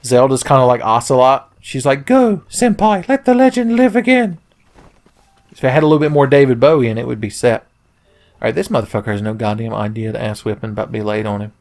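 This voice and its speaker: A man commentates his gameplay with sarcastic, profane jokes. His voice sits at an ordinary middle pitch for a man. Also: little pitch movement, quick pace, gravelly, a little mellow. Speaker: let's play host.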